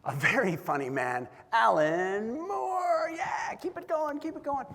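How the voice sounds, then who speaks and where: A man doing a loud, hyped-up comedy club emcee. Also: very high-pitched, animated, creaky, voice pushed up, exaggerated voice. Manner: shouting, drawn-out announcer hype. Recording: long hall reverb.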